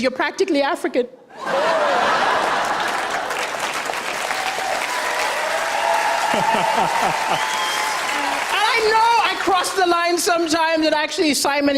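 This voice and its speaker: Brief: man from Malawi, stand-up comic, higher voice, audience roaring behind. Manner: punchy storytelling with acted dialogue and pauses for laughs. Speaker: stand-up comedian. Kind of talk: stand-up comedy on a talent show stage. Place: large theatre stage with audience. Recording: broadcast stage mic with crowd noise. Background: loud audience laughter and cheers.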